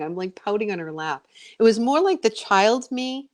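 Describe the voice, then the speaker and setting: Speaking at normal speed in a medium-pitched voice, a middle-aged psychic medium from the United States spins a lengthy tale during a radio interview. She's lively and talkative, with many fillers, and acts out how she sounded back then.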